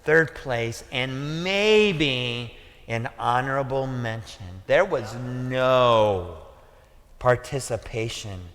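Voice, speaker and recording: With drawn-out words and a mid-range voice, a Midwestern American male pastor preaches in a church sanctuary. He speaks conversationally, says "okay" and "listen" again and again, and nearly shouts when fired up, recorded in a reverberant church hall.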